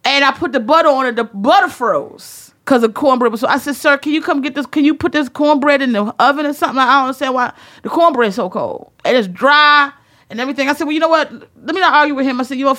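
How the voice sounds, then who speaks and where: A woman telling a comedic story in a profane, emphatic way, acting out her own yelling. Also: high voice, fast. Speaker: storyteller on a talk show.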